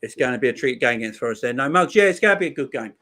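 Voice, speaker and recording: A man hosting a live football watchalong, chatting casually, reading out viewer messages and repeating his shout-outs. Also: medium pitch, lively intonation, racing. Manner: rambling, repeats phrases. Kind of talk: casual live-stream chat.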